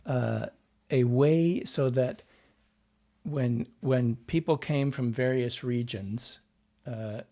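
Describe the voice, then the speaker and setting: A man's voice: mid-range voice, takes it slowly, dark tone. A man, a dialect coach and actor, explaining at length in a casual podcast interview and drifting off into side topics. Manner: explains at length, wandering and digressive.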